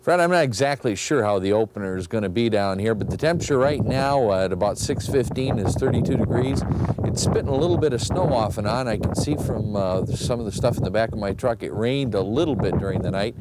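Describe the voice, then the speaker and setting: A man giving an outdoor field report beside his truck, relaxed and thinking aloud. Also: on the low side, brisk, very noisy.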